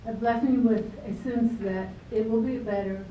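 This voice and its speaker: A woman's voice: on the high side, steady tone, normal speed, warm tone, slight background noise. Nervous woman speaking in an echoey hall. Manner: earnest, grateful, a bit nervous. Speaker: widow giving a eulogy. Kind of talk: prepared speech at a memorial. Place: club hall, speaking to a seated crowd. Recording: roomy, distant, dull amateur video.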